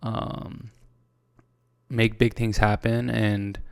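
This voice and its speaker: He's an American man in his twenties with a fairly low, clear, resonant voice, little pitch movement, and a moderate pace, heard in studio quality without echo. On his casual solo podcast he swears frequently, leans on "dude," and at times grows tearful and emotional.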